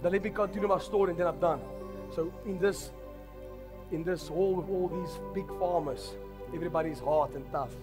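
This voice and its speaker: A man preaching in a high voice, telling stories with emphatic, urgent delivery. His voice rings with a long reverb through a large church hall, with faint music underneath. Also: moderate pace. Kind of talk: sermon.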